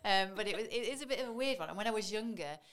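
A woman's voice: mid-range voice, expressive, racing, fairly bright tone. A woman in her thirties with a Stoke accent, a voiceover artist chatting as a guest in an interview, full of "you know" fillers. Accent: Staffordshire (Stoke). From Stoke-on-Trent area, England. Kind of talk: casual conversational interview.

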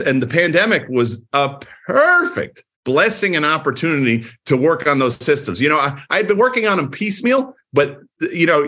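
A middle-aged man with a bright, forceful voice speaks as a guest on an interview show. He tells stories about building his clinics and slips into other voices for the dialogue inside them. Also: fairly high pitch. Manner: energetic storyteller, acts out quoted dialogue. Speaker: chiropractor with many clinics, podcast guest. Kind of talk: casual interview talk.

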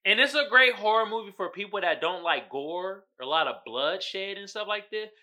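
Bright-voiced animated podcast host man. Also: sits high, normal speed. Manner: animated storytelling, swears freely, bursts into shouted impressions. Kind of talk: casual monologue, movie recap and meme reading.

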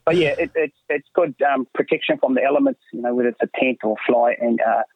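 A hunting guide in middle age, guesting on a podcast, talks fast and very animatedly in a mid-range voice that's slightly rough with vocal fry. He rambles casually, full of fillers and constant "mate," and the phone-line recording is tinny and dry.

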